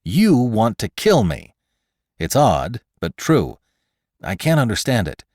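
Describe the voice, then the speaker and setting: An actor voicing a calm, logical, reasonable man who explains things earnestly in a storybook reading. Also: mid-range voice, slow, dry recording, studio quality, pitched above the performer's own voice. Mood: insistent.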